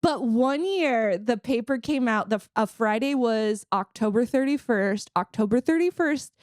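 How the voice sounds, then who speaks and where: A woman co-hosting a comedy podcast. She tells stories in a sardonic, animated way, with lots of "like"s. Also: a little high, a little slow, no room sound, studio quality. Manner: sardonic, animated storytelling with many "like"s. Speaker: podcast co-host. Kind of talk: casual comedy chat.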